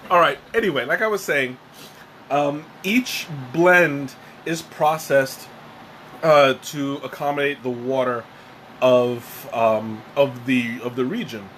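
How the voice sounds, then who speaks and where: Speaking slowly in a medium-pitched, fairly bright voice, a man runs a relaxed tea-tasting stream from his home as a fan hums nearby and slight noise sits underneath. He's sweating, catching his breath after choking, and rambling in a self-deprecating way.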